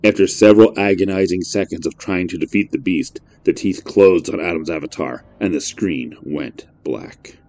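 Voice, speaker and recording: Deep-voiced man narrating a horror story. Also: a little mellow. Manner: measured, brooding storytelling.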